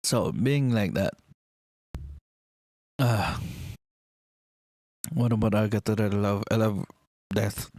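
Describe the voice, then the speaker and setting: A man's voice: on the low side, slow pace, pauses often, a little mellow, no echo. A young man rambling in casual chat, enthusiastic and swearing casually as he talks about a TV series. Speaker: vlogger.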